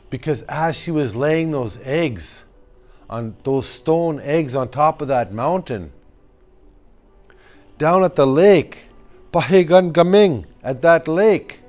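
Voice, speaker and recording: A man telling a traditional story to children in a slow, deliberate way. His voice sits fairly high, and he is animated, using sound effects and call-and-response. Soft music plays faintly behind him.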